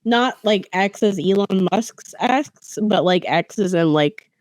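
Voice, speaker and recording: Young woman, podcast co-host, giggly, animated, quick reactions, dry close mic. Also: mid-range voice, no room sound. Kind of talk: casual chat.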